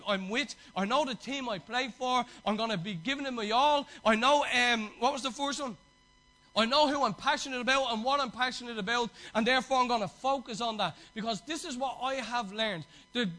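High-voiced man preaching passionately. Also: sharp tone, low-quality recording. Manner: passionate, exhorting, conversational with asides. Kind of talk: sermon.

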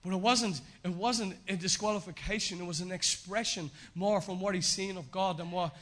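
A man preaching a sermon in a conversational way, swinging between raised, emphatic lines and hushed, low repetitions. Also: fairly even intonation, moderate pace.

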